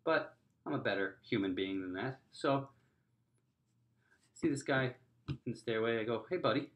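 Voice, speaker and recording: Animated man telling a comic story. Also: mid-range voice, normal speed. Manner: animated, exaggerated, rising to near-shouts for punchlines. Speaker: podcast host. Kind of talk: comedic storytelling.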